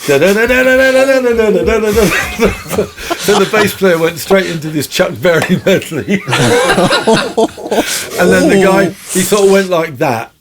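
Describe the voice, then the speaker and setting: A man's voice: high-pitched, unhurried, over a noisy crowd. Man, guest musician, anecdotal storytelling, rambling and chuckling.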